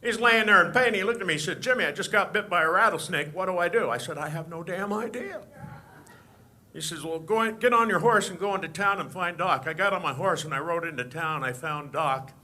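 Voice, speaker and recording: A man doing an impression of a stammering, folksy old-time film actor, telling a tall tale with a halting, drawling delivery. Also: sits high, pushed and bright, heavily acted.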